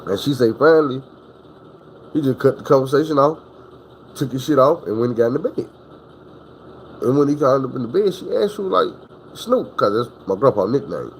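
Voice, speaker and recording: A man's voice: medium pitch, animated, a little fast, long pauses, a little hiss or hum, poor audio. A man telling a story in a casual, profane, rambling way.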